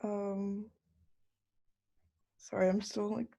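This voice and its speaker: A woman's voice: medium pitch, level tone, extremely slow, creaky, warm tone. A young woman student answering questions in an online class, hesitant and unsure.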